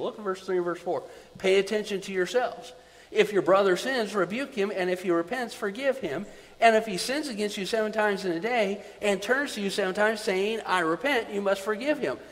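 A man preaching a sermon as pastor, swinging between loud emphasis and quiet, repeating words for weight. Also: high voice, in a large hall, poor audio.

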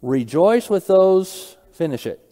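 A man preaches a Bible study in a hall with a long, ringing reverb. His voice sits a bit high for a man but sounds mellow and warm. He keeps asking his listeners questions and doubles back on his own phrases. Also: sing-song, slow pace. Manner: questions the audience, repeats phrases, reads verses aloud. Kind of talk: interactive Bible study sermon.

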